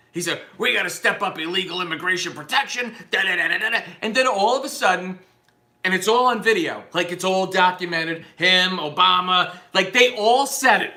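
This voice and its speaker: A man's voice: high-pitched, pushed and bright. A man delivering an unscripted, profane, combative rant that rambles from point to point.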